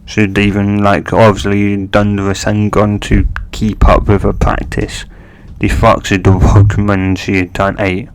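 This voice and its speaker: A man telling a fan fiction story aloud, in a halting way full of fillers and restarts. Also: lowish voice, monotone, smooth.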